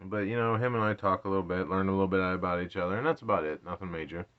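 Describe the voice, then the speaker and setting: A man's voice: sits low, rapid-fire, smooth. Late-30s man, self-deprecating storyteller with frequent laughter; dull lo-fi recording. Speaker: vlogger. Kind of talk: casual storytelling.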